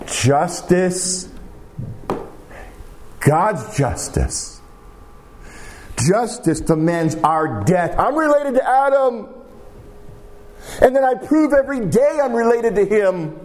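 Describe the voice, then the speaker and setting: Man preaching, slightly high voice, slow deliberate pace, emphatic repeated phrases, sermon delivery. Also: sing-song. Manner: emphatic, repeats phrases for weight, slows to a hush on prayers.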